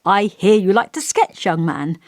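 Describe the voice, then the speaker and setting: Lady reading as a fussy gentle vicar, scholarly and over-polite, voice swooping up and down, dry sound. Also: mid-range voice, sing-song, normal speed, no room sound, voice pushed up, natural voice. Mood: genial. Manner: kindly, hesitant, over-polite. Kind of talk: audiobook character voice.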